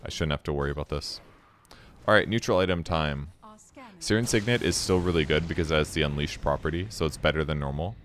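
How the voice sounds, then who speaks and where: A man giving casual replay commentary on his own game, relaxed and self-critical as he explains his choices. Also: a bass voice, quick pace, a little hiss or hum.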